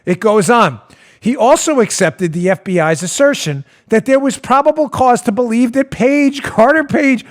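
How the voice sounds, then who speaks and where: A male talk show host ranting about politics with animated sarcasm, often laughing mid-rant. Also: very high-pitched, moderate pace.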